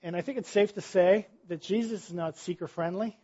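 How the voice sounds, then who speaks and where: A man's voice: sits high, fairly quick, dark tone, breathy edge, dull audio. A man preaching a sermon in a conversational style, full of rhetorical questions. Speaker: pastor.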